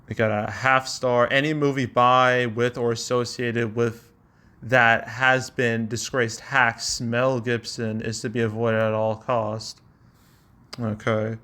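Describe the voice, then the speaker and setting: A young man with a medium-pitched, pushed, bright voice hosts a casual commentary, reading audience reviews out loud. He rambles and chuckles, dropping in plenty of fillers and stray hums.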